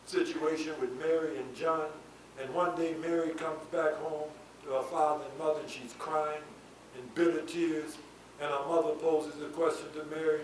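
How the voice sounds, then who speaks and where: A high-pitched man preaches to a hall audience, asking rhetorical questions and swelling into shouts. He sounds far from the mic, with heavy room echo and a faint hiss behind him. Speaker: spiritual leader giving a lecture. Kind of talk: preaching lecture. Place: lecture hall before an audience.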